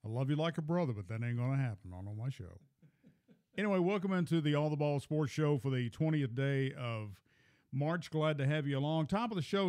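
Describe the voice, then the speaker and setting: An older male host of a local sports talk show, in his sixties. He rambles along in a folksy, unhurried way with lots of fillers. His voice sits at an ordinary middle pitch. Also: warm tone. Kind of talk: casual chat on a local radio sports show.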